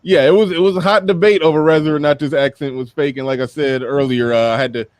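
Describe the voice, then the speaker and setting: Laid-back American stream host, dry sound. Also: male voice, fairly high pitch, steady tone, quick pace, no echo. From United States. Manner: loose and rambling, laughs often, repeats himself. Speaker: livestream host. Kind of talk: casual livestream chat.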